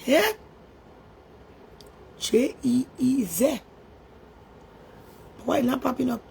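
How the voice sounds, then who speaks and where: A woman with a Liberian English accent hosting a live stream and commenting casually, with loud emotional exclamations. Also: sits high, extremely slow, gravelly, a little hiss or hum.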